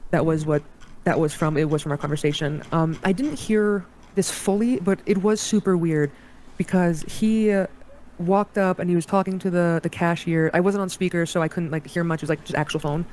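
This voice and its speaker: A woman's voice: fairly low pitch, steady tone, brisk, darkish tone, a little hiss or hum. A woman in an interview, recounting a personal story in a hesitant way, with many restarts and quoted bits of dialogue.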